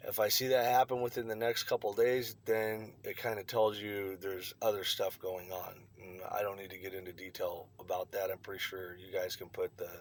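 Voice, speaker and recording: A man's voice: low voice, little pitch movement, normal speed, few pauses. A man delivering a blunt, profane opinion rant to his online viewers. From United States. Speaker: vlogger.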